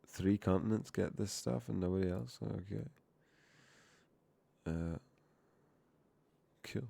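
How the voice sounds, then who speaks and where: A man's voice: low voice, slow pace, vocal fry, warm tone, husky, no room sound. A young man streaming while coding, rambling and profane, often cutting himself off mid-word. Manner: rambling, profane, self-interrupting. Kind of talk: casual live-stream chat while coding.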